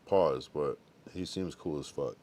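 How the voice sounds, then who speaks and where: A young man with a mellow bass voice speaks at a measured pace during a casual livestream, reading comments from viewers. Drowsy and laid-back, he yawns now and then from sleepiness and fills his chat with slang and loose asides.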